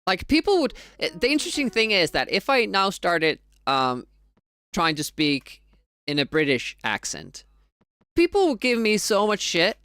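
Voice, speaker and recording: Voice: mid-range voice, wildly swooping pitch, moderate pace, pushed and bright, smooth. A streamer from Finland with a Finnish accent and Finnish as a first language, chatting casually with viewers on a live speedrun stream, rambling and laughing often.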